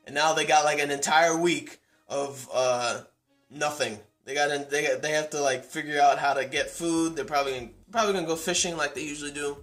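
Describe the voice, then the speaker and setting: Rambling young man recapping a comic, soft music. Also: a little high, a little fast. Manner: rambling, many fillers and restarts, amused. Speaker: manga review vlogger. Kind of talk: casual spoken chapter recap.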